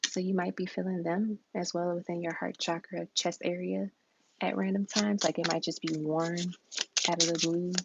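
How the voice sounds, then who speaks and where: A woman chats her way through a live tarot reading, relaxed and talkative. Her voice sits low with a gravelly fry. The stream audio is dull and lo-fi, with steady hiss and keyboard clicks behind her. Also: moderate pace. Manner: casual, chatty, laughs often, reads card messages aloud. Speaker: tarot reader.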